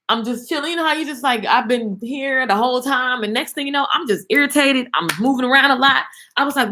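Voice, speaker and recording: Bright, high-voiced woman preaching to viewers. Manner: animated, preachy, talks straight to viewers. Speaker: motivational speaker and singer. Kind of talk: live-stream motivational talk.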